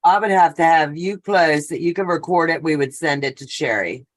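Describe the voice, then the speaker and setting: A woman's voice: deep voice, moderate pace. Middle-aged woman, host of a live sewing stream; casual, talkative storyteller. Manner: chatty, storytelling, greets viewers by name. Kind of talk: casual chat while sewing.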